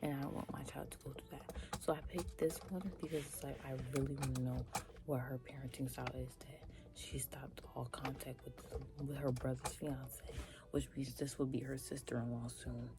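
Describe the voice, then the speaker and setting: A young woman giving animated, chatty reaction commentary straight to her viewers, sometimes dropping into breathy half-whispered asides. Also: rumbling low, moderate pace, heavy background noise. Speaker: reaction vlogger.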